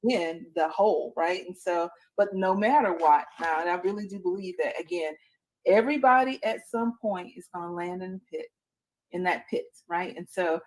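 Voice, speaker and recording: A woman's voice: fairly low pitch, moderate pace, rough recording. A woman podcast host in a faith-based interview, encouraging and preachy, leaning on fillers.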